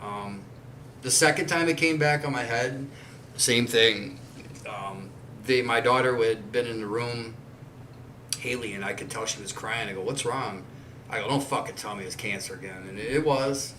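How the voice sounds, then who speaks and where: A man's voice: medium pitch, normal speed, fairly bright tone, slight background noise. A man in his forties, hosting a podcast, talking in a blunt, rambling way and swearing often. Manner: blunt, swears a lot, loose rambling talk. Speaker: podcast host. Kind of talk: casual chat. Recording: roomy and distant with faint ambience.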